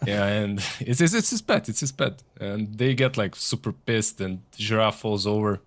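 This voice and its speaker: A man's voice: fairly low pitch, expressive, moderate pace, no echo. A man co-casting an esports broadcast, bantering playfully and laughing often. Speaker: esports co-caster. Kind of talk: casual on-air banter.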